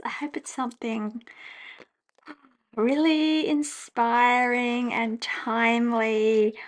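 A woman, chatting casually at her desk as she journals, laughing often and breaking into excited exclamations. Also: a little high, takes it slowly. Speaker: journaling vlogger. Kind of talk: casual chat while journaling. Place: home desk.

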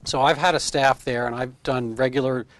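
A man's voice: mid-range voice, fairly even intonation, normal speed. A man in his fifties, a medical doctor being interviewed in casual chat, rambling through explanations with homespun comparisons. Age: 50s.

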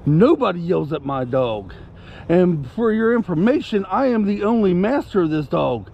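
A man's voice: high-pitched, sing-song, moderate pace, gravelly, darkish tone, dull audio, a little hiss or hum. A man telling a story casually to camera, indignant and rambling, breaking off to give commands to his puppy. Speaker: vlogger.

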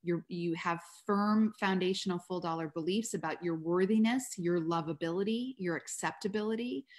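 A woman author speaking as the guest in a live webinar over a video call, with a steady, explanatory manner. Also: fairly low pitch, normal speed.

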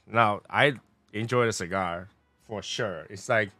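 A man's voice: on the low side, measured pace, bright, forceful tone, no echo. A man from Taiwan, chatting through a casual review in a rambling, playful way. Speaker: cigar and spirits reviewer.

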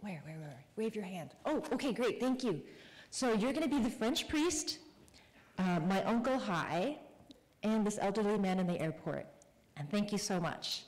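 A woman's voice: mid-range voice, animated, darkish tone. Upbeat woman in a reverberant hall. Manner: friendly, upbeat, quick to laugh. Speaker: author casting volunteers for a reading. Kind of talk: casual talk to a live audience. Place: public library event room.

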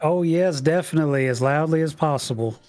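A man voicing a ship's pilot with a put-on accent and a brash, rough way of talking. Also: fairly high pitch, fairly quick, a little mellow, faint music behind, close to an everyday voice.

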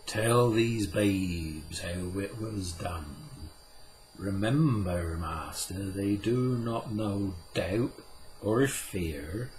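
An ancient male earth spirit, which a male reader puts on speaks with slow, solemn gravity. His voice sits low and comes across as unhurried and weighty. It is told as a storybook reading. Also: a little mellow, slight background noise. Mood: grave. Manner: slow, grave, measured.

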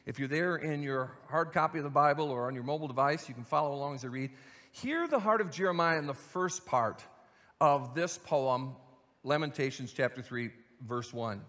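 A man's voice: mid-range voice, moderate pace, fairly bright tone, in a large hall. A man preaching as senior pastor, reading scripture aloud in an earnest, building voice. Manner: earnest, reads scripture with rising intensity.

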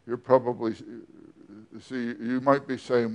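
Slow-speaking male pastor preaching. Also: mid-range voice, fairly even intonation. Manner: asks the congregation questions, with pauses and restarts. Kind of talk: sermon.

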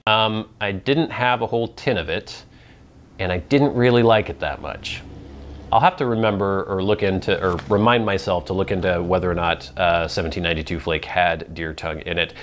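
A man's voice: deep voice, normal speed, a little hiss or hum. A man hosting a casual solo show, answering viewer questions in a rambling, self-deprecating, conversational way. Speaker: host.

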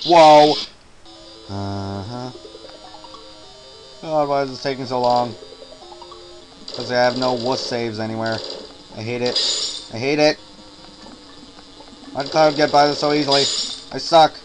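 A man's voice: mid-range voice, a little slow, pauses often, poor audio. Tired, cursing young man playing a game. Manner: frustrated, swearing, hums and mutters to himself. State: tired, up all night. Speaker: let's player. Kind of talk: casual gameplay commentary. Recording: game music loud underneath. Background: game music.

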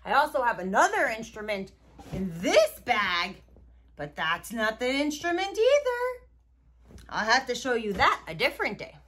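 A young woman hosting a children's learning video, talking slowly in a playful, repetitive, coaxing way as she shows each step. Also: a little high, big pitch swings. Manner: sing-song, repetitive, gently coaxing. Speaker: children's educational host. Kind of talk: slow, playful teaching to toddlers.

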